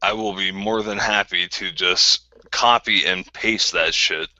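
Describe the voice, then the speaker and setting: A man's voice: deep voice, steady tone, unhurried, sharp tone, dry recording, highs cut off. A man hosting a group call, bluntly and combatively calling someone out in a repetitive rant. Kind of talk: confrontational ranting callout.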